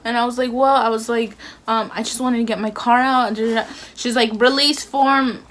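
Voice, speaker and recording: Brief: young woman vlogger, slightly high voice, rambling storytime delivery heavy on fillers. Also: little pitch movement, brisk, a little hiss or hum. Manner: chatty, filler-heavy retelling with acted quotes. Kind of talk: casual storytime.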